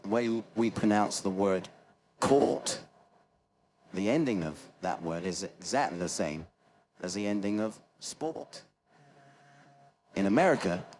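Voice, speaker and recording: A British man with an accent close to Cockney, teaching pronunciation with slow spoken examples. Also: on the low side, slight background noise. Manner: slow explanations with spoken demonstrations. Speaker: accent coach. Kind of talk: accent lesson.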